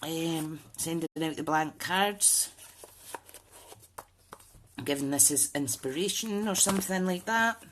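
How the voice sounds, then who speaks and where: A woman's voice: low-pitched, slow, long pauses, a bit bright, slight background noise. A woman hosting a casual crafting tutorial, chatting and thinking aloud with frequent ums. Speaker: papercraft channel host.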